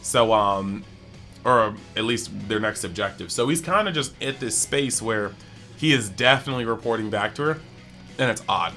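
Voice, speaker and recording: A man talks through an anime episode in a loose, chatty way, filling his sentences with "like." His voice is bright and forward. He slips into short acted quotes of the characters as he recaps, with faint music underneath. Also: lowish voice. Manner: animated, acts out characters' lines in quick bits; chatty, heavy use of "like". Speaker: anime review channel host. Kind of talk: casual episode breakdown.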